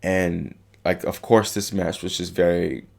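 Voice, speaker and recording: Male vlogger, low gravelly voice, rambling and hesitant, heartfelt delivery. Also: fairly even intonation, a little slow, a little mellow. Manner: rambling, hesitant, with many restarts and fillers; heartfelt, openly affected by the topic. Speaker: tennis vlogger. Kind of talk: casual spoken commentary to camera.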